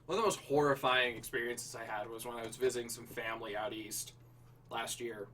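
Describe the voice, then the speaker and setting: A man's voice: medium pitch, steady tone, brisk, fairly bright tone, far from the mic, a little hiss or hum. A man hosting a casual livestream, joking and swearing freely as he chats with viewers about writing prompts. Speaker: livestream host and writer.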